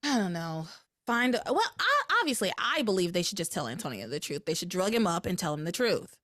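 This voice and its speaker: A woman hosting a podcast, recapping a soap opera casually and acting out the characters' lines in quick voices. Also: lowish voice, sing-song, fairly bright tone, no room sound, clean studio sound. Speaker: podcast host.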